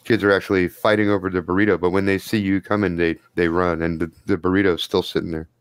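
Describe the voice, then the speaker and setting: A man narrating a tabletop role-playing game as game master, relaxed and rambling with fillers. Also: low voice, fast, clean tone, dry recording.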